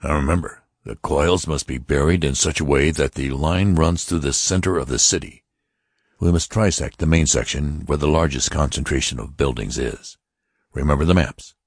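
Narrator as stern old priest, low muttered commands, very deep, close and dry. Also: male voice, normal speed, vocal fry, no echo, heavily acted. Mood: grim. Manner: low, grim murmur. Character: old priest, grim and determined.

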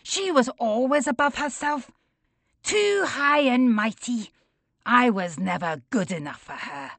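A woman voicing a gruff, dismissive old father. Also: fairly high pitch, lively intonation, measured pace, a bit bright, no room sound, pitched above the performer's own voice, exaggerated voice. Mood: harsh. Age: older. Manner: gruff, defensive and curt. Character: bitter older father, dismissive boozer. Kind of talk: audiobook character voice.

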